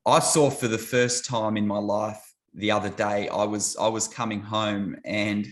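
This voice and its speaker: A man's voice: on the low side, fairly even intonation, unhurried. A man in his thirties with an Australian accent, chatting easily as a guest on a video call and often laughing. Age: 30s. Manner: easygoing, chatty, laughs often, repeats words. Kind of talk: casual video call chat.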